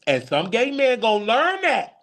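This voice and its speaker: A man's voice: extremely high pitch, wildly swooping pitch, normal speed, fairly bright tone. A man in his thirties hosting a live Q&A, talking candidly about his own life. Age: 30s. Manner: candid, confiding, personal storytelling. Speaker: show host. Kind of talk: live Q&A chat.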